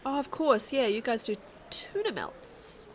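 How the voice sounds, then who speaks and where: A woman with a soft New Zealand accent, chatting casually on a live game stream, reading chat aloud and thinking out loud as she plays. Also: fairly high pitch, big pitch swings, measured pace, a little hiss or hum.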